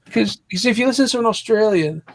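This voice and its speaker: A man's voice: sits high, quick pace. A man with a Yorkshire accent chatting casually in an online group call, rambling and digressing as he talks. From Yorkshire, England. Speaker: live chat co-host.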